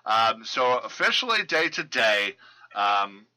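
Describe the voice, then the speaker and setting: A man talks loosely through football injury and roster news. His voice is very bright and forward. He stumbles and restarts often, filling gaps with ums and uhs. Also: lowish voice, big pitch swings, slow pace, poor audio. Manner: loose and rambling, many fillers and restarts. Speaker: fantasy football podcast host. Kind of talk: casual sports news chat.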